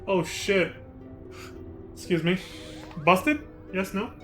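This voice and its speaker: A man streaming a game live, reacting casually with swearing and laughter, his voice getting hoarse. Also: sits high, lively intonation, slow, soft background music. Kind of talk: live game playthrough, reading dialogue aloud.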